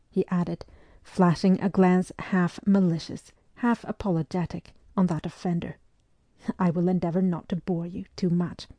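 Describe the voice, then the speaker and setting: A woman narrating a historical novel aloud, reading in a measured, even way and giving the dialogue soft voices. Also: lowish voice, no room sound. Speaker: audiobook narrator.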